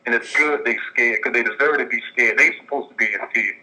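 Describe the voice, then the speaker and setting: A man's voice: mid-range voice, fast talker. A man calling in by phone, talking emphatically and ending phrases with "man". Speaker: caller. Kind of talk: phone-in call. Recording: bright tinny phone line.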